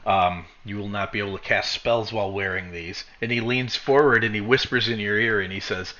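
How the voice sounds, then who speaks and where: A lower-pitched man with a bright, forward tone narrates a tabletop game, rambling and correcting himself. The recording sounds dull and lo-fi. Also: steady tone, a little fast, few pauses. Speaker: game master.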